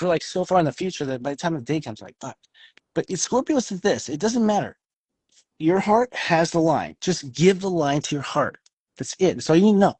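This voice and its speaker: Husky, animated man who swears freely. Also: a little high, dry recording. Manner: animated, swears freely, acts out quoted voices. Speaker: astrology show co-host. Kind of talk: casual chat.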